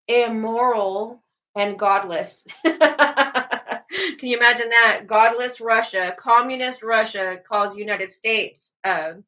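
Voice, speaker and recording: A woman's voice: medium pitch, pushed and bright, low-quality recording. A woman co-hosting a casual religious talk show, chatting and telling stories with acted-out quotes. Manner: chatty storyteller, acts out quoted voices. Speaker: co-host.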